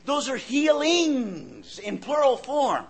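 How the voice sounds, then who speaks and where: A man preaching a sermon in an earnest way, often repeating words as he searches for the next thought, his loudness rising and falling. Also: very high voice, animated, slow.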